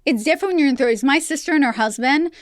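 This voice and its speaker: A woman's voice: high-pitched, animated, rapid-fire, no room sound, clean studio sound. A woman in her thirties from Russia, a podcast guest telling candid personal stories in casual chat and laughing often. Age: 30s.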